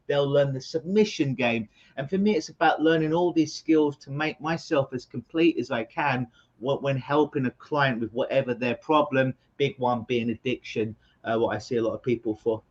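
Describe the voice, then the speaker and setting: London-accented man on a dull remote line. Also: a little high. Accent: London English. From England. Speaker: guest hypnotist. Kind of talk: interview answers. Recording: dull remote call audio.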